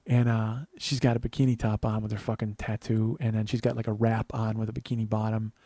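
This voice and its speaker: A man in his forties telling a long personal story as host, profane, animated and self-mocking. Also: fairly low pitch, fast talker, dry recording. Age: 40s. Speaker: podcast host.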